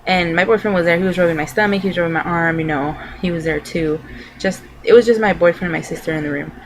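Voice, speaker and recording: A woman's voice: fairly low pitch, fast, slight background noise, poor audio. A young adult woman vlogging, telling a personal story to camera in a loose, rambling way full of filler words.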